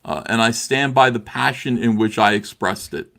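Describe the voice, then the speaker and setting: On a video call, a middle-aged livestream guest speaks with impassioned heat, repeating himself and restarting with lots of "uh"s. His mid-range voice has vocal fry and a fairly bright tone, and he talks at a normal speed.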